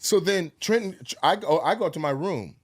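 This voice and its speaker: A man's voice: a little high, normal speed. A man co-hosting a podcast, telling a story in casual chat and acting out what people said, with plenty of swearing. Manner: animated, acts out quotes, profane. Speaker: podcast co-host.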